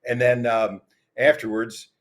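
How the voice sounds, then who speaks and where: A man on a sports talk panel, telling stories in a relaxed conversational way. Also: mid-range voice, a little slow. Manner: storytelling, conversational.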